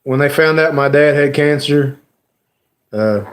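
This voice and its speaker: A man hosting a live stream, talking casually to his chat in a halting, emotional way with lots of fillers. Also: on the high side.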